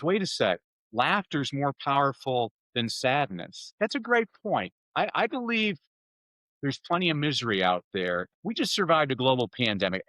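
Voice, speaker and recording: A man as a podcast guest, telling stories in an enthusiastic, jokey, animated way. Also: mid-range voice, no room sound, low-quality recording. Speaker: guest speaker and author. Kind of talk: energetic conversational interview.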